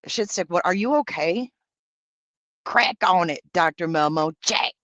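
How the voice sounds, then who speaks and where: A man's voice: high-pitched, unhurried, bright, forceful tone, no room sound. A man hosting a livestream, reading out and answering viewer comments in brash, profane, campy banter. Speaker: livestream host.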